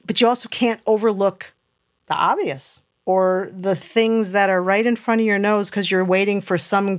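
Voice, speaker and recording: A woman who served as a military nurse, talking as a podcast guest in a loud, animated way and laughing often. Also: mid-range voice. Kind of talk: casual conversation.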